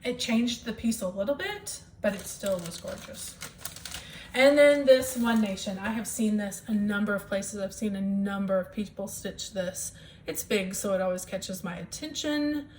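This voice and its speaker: A woman's voice: mid-range voice, normal speed, darkish tone, slight background noise. A woman chatting enthusiastically at home about her stitching projects, with lots of ums. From US Midwest. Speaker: cross-stitch vlogger. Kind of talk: casual show-and-tell chat.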